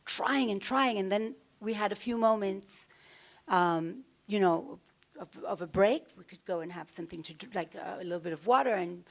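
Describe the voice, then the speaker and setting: Woman, gravelly voice, animated storytelling, casual, fillers and restarts. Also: mid-range voice, normal speed. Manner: animated, acts out other people's lines in the stories. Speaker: fashion designer giving an onstage interview. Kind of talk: anecdotal storytelling.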